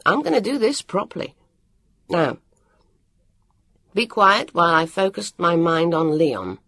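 Brisk bossy boy, as a reader puts him on, eager, a touch raised, storybook. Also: mid-range voice, big pitch swings, fairly bright tone, no room sound, studio quality, full character voice. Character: eager boy leading a time adventure.

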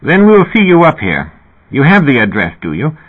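A man's voice: a little high, wildly swooping pitch, normal speed, husky, pitched above the performer's own voice, full character voice. A man voicing a genial, amused male musician with a slight British accent and a twinkling, lilting manner. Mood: chatty. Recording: tinny phone-like audio.

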